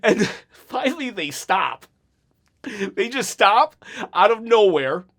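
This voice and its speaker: A man in his forties chatting casually about wrestling promos, self-mocking and quick to laugh while telling a story. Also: high voice, big pitch swings, fairly bright tone. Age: 40s. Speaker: wrestling commentary youtuber. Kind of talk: casual video commentary and storytelling.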